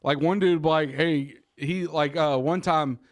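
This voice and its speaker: A man's voice: fairly high pitch, fairly even intonation, measured pace, dry recording, studio quality. Profane, storytelling man. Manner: profane storytelling, laughs often. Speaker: podcast co-host. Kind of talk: casual chat.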